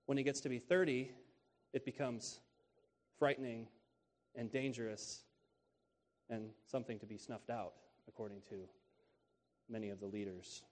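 A man's voice: mid-range voice, fairly even intonation, moderate pace, long pauses, darkish tone. Casual conversational male preacher. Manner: casual, repeats key phrases, asks "right?". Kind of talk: conversational sermon on scripture.

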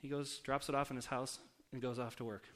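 A man's voice: mid-range voice, flat delivery, a little fast, fairly bright tone, slight background noise. A pastor preaching a casual, story-driven sermon to his congregation, often asking the audience questions. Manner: conversational, asks the audience questions.

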